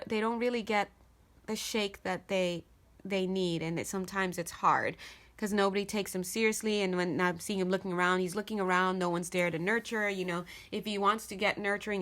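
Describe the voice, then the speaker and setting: A woman with a voice of average pitch reads tarot cards to camera. She speaks earnestly, as though passing on messages from spirit, and keeps restarting her sentences as she goes. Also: fairly bright tone. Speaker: tarot reader. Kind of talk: intuitive tarot reading to camera.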